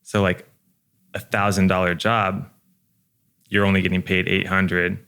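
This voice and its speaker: A man's voice: deep voice, monotone, measured pace, gravelly, a bit bright, clear, resonant tone. A young man, a guest, chatting casually on a podcast in a laid-back, profane way full of fillers.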